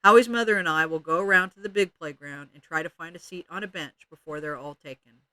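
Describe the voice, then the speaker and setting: A man voicing a patient mother who coaxes gently. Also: on the high side, fast talker, no room sound, rough recording. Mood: coaxing. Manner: coaxing, reassuring.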